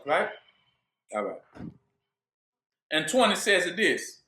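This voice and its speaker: Lively high-voiced man preaching. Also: takes it slowly, reverberant. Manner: call-and-response questions, joking, laughing. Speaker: bible teacher. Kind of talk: informal sermon.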